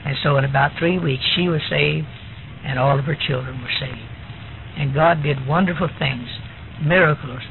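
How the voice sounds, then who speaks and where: A man gives a sermon testimony, recounting events in a plain storytelling way. His voice sits a little high and has a gravelly edge. It comes through a tinny, phone-like lo-fi recording with a faint hiss behind it. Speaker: preacher.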